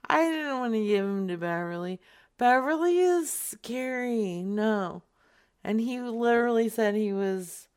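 A woman's voice: on the high side, clean tone. A woman hosting a casual live chat, teasing and crude, dragging her words out.

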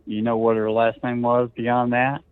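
A man's voice: medium pitch, monotone, moderate pace, smooth, dry recording. A man on a phone call sounds confused and keeps asking for things to be repeated. His voice is dry and has a dull, lo-fi sound. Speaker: prank call recipient. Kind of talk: phone conversation.

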